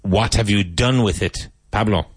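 There's a breathy edge to this male English teacher's deep, low voice as he drills vocabulary with a class. His manner is quick and encouraging, recorded close and dry without any room sound.

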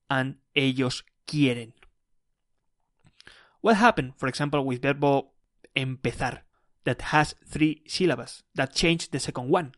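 A man's voice: a little high, no room sound, clean studio sound. A man teaching a beginner Spanish lesson on a podcast, explaining patiently and repeating words as drills.

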